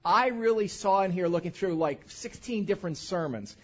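A man preaching with a high-pitched, animated voice, pressing hard on the words he reads from scripture. The recording sounds somewhat dull and lo-fi. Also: moderate pace, breathy edge. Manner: animated, enthusiastic, emphatic reading. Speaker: pastor. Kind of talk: sermon with scripture reading.

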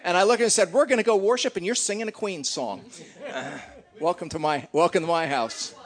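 A man's voice: sits high, fairly quick. A middle-aged man leading a church gathering, joking and teasing his congregation in a casual, chatty way.

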